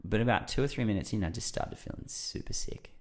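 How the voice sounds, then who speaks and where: A man's voice: lowish voice, quick pace, slight background noise. A man guesting on a podcast, telling stories in a loose, rambling way with lots of fillers, and acting out his own reactions. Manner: lively storyteller who acts out his own reactions. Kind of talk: casual conversational storytelling.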